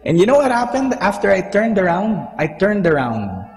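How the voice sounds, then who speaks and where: A man with a Filipino accent preaches from a stage, his voice pitched high for a man. He tells stories with lively energy, acting out his own past outbursts. The sound carries a long, roomy reverb from the large hall. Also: normal speed, slight background noise. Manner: animated storytelling with acted-out outbursts. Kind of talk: sermon.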